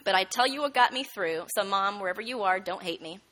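A woman preaching a sermon, telling a personal testimony in an animated storytelling way and acting out the voices of the people in it. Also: mid-range voice, quick pace.

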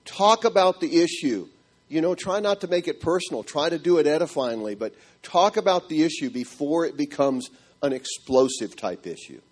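Middle-aged man giving an animated testimony. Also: a little high, moderate pace. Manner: animated storytelling, acting out quotes. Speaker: speaker giving a marriage testimony. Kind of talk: testimony to a church audience.

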